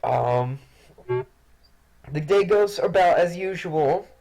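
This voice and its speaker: A man narrating as game master in a tabletop game, relaxed and hesitant with many fillers. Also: high-pitched, slow, creaky, soft background music, poor audio.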